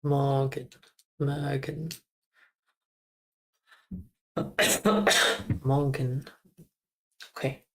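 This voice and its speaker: During a live stream, someone slowly and repeatedly practises German words, with chuckles and a mild swear here and there. Their mid-range voice holds a steady, fairly bright tone.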